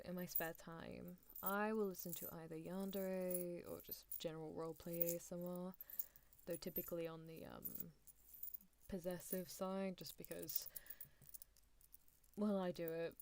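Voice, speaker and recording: A woman on an ASMR stream, rambling in a soft voice and giggling often. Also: fairly low pitch, moderate pace, slight background noise. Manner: rambling, giggly, self-deprecating.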